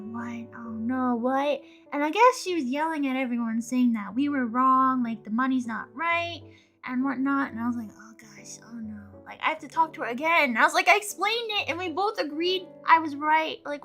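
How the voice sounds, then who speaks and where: Young female streamer, high and bright, animated casual storyteller who laughs a lot. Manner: animated, laughs often, acts out quotes.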